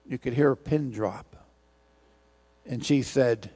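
A man's voice: medium pitch, slow, mellow. A man preaching a sermon, telling a parable with a rhythmic, repetitive storytelling cadence. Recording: long hall reverb.

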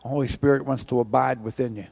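A man's voice: medium pitch, fairly even intonation, fast, creaky, darkish tone. A man preaching a sermon, telling a parable with a rhythmic, repetitive storytelling cadence. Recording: long hall reverb.

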